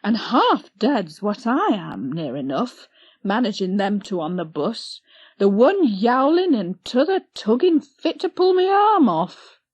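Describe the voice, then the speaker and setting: A woman's voice: mid-range voice, sing-song, a little mellow, no room sound. A woman doing a grumbling old country wife. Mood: gloomy. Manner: brisk, grumbling, broad country dialect. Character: gloomy, bustling older village wife. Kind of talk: audiobook character voice.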